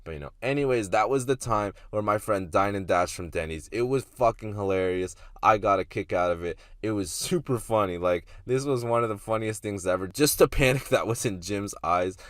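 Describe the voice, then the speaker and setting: Young man telling a story, low-voiced. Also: brisk, hardly any pauses, dry recording, studio quality. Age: young adult. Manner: laid-back, slangy, swears freely. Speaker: vlogger. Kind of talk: casual storytelling.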